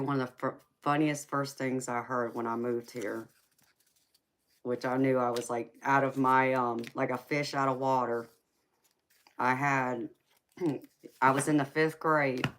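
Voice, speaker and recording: Low-voiced woman with a Southern accent. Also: steady tone, measured pace, pauses often. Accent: Southern US (Georgia). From California. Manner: chatty, warm with viewers, laughs often. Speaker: tarot reader hosting a live stream. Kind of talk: casual live-stream chat. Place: home, late at night.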